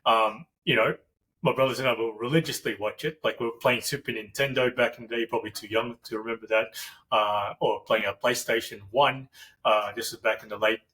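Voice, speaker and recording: A man's voice: medium pitch, steady tone, fairly quick, bright, forceful tone, recorded from a distance, poor audio. A man hosting a podcast, chatting casually and enthusiastically, drifting off on tangents. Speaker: podcast host. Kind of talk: casual interview chat.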